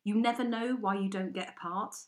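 Animated woman telling a comic story. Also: mid-range voice, a little fast, crowd noise. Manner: animated, acts out quoted voices, exasperated. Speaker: podcast co-host. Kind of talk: casual chat, comic storytelling.

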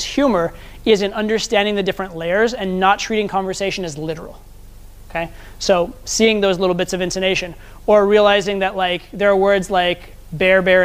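A man's voice: high voice, clean tone. Man lecturing a seminar, conversational. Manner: conversational teaching, checks in with the audience. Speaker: dating and social skills coach.

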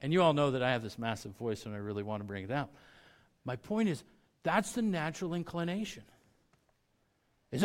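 A man preaching to a congregation, relaxed and conversational. He restarts his sentences and talks straight to the people in front of him. His delivery swings between quiet, low passages and sudden loud bursts of emphasis. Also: normal speed, long pauses. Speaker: pastor. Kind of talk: sermon.

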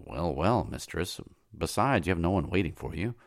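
A doting old nurse, a slave woman who grumbles and pleads with her mistress in a raised, fretful voice, put on by a man. Gravelly fry runs under the lifted pitch, and the sound is close and dry. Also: sing-song, normal speed, dry recording, full character voice. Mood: grumbling.

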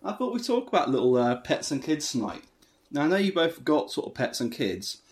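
A man's voice: a little high, sing-song, fairly quick. A man sending in a casual recorded segment, chatting loosely to the two hosts.

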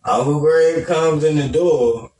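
A man's voice: fairly high pitch, takes it slowly, a little mellow, recorded from a distance, slight background noise. A man co-hosting a casual chat show, talking bluntly and cutting in to argue. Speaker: podcast co-host. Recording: roomy echo, from off-mic.

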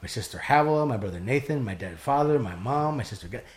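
A man casually telling his life story, animated and profane, acting out the voices of people he met. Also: mid-range voice, fast.

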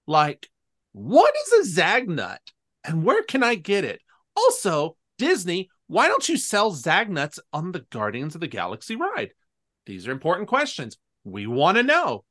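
Lively high-voiced podcast host. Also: male voice. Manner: loud, animated, swears for comic effect. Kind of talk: casual podcast banter.

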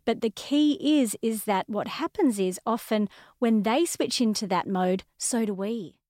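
A woman's voice: a little high, measured pace, a little mellow, dry recording, clean studio sound. A woman hosting a parenting podcast, reflective and affirming in casual conversation. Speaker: podcast host. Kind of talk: casual chat.

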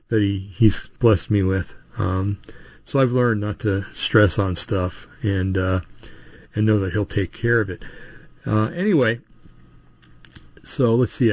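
A man's voice: lowish voice, creaky, darkish tone, no room sound. A man hosting a show, talking in a casual, opinionated, rambling monologue with frequent asides and restarts. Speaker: podcast host. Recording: dull, dry lo-fi recording.

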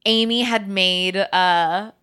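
Young woman podcast host rambling thru a story, lots of likes, bright sharp voice. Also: mid-range voice, fairly even intonation, slow pace, clean tone. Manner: chatty storyteller, lots of "like", swears casually. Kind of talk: casual chat.

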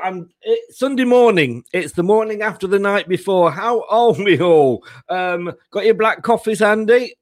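A man opening a football fan podcast in a casual, chatty, self-mocking way, laughing often. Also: sits high. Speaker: podcast host.

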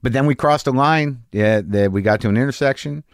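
In a dry, studio-quality recording from his home studio, a podcast host in his late 40s speaks a little fast in a smooth, medium-pitched voice. He tells a rambling, self-mocking comic story, then chats with a guest.

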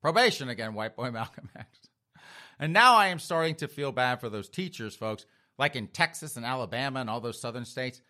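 A man's voice: mid-range voice, animated, a little fast, sharp tone. A man hosting a comedic news show, retelling stories in a mocking storytelling way and calling listeners "folks.". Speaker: host.

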